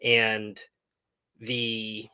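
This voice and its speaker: Bright-voiced man hosting a live stream. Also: fairly low pitch, completely flat delivery, clean tone. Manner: thoughtful, pauses and restarts while explaining. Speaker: channel host answering viewer questions. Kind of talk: casual live-stream talk.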